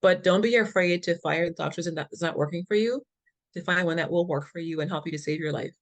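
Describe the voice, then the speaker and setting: A woman's voice: fairly low pitch, quick pace. A woman who founded a health foundation, telling her story as an interview guest in an earnest, emphatic way and laughing between points.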